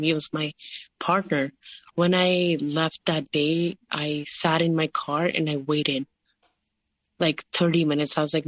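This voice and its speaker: A woman's voice: deep voice, no echo, rough recording. Woman podcast guest, rambly storytelling with lots of filler words, dry close audio. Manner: rambling, many fillers like "like" and "you know". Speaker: guest sharing her story. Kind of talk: personal storytelling in a podcast interview.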